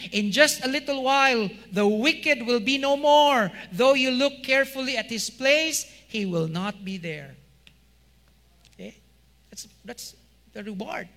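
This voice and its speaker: A male pastor delivers a sermon in a high, bright voice. He takes his time, pausing for rhetorical questions and stressing single words before sinking his phrase endings low. The sound carries a long hall reverb. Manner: preaching with rhetorical questions, rising emphasis then dropping low.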